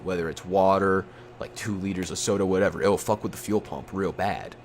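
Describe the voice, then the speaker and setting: A young man with a lowish voice tells a story casually, rambling and swearing freely as he goes. He jumps up in pitch whenever he acts out quoted lines. A faint hum of room noise sits behind him. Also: fairly even intonation, a little fast. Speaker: storytime YouTuber.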